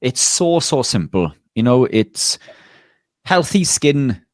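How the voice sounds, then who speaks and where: A man's voice: mid-range voice, slow pace, no room sound. Man telling a story, dry sound. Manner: lively anecdotal telling with frequent restarts. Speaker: guest, nutritionist and bodybuilder. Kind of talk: casual interview storytelling.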